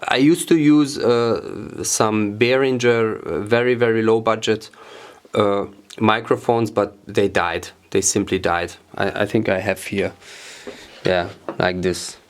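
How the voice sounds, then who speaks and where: Showing his home studio equipment in a relaxed way, a native German speaker talks in a clear, resonant, low-leaning voice. His English is halting, full of fillers and repetitions as he searches for the right words.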